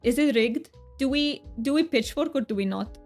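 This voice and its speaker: Woman streamer from Romania, higher voice, giggly, chatty, reading chat aloud. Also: normal speed, a little mellow, soft background music. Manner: bubbly and giggly, with frequent laughs and restarts. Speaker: game streamer.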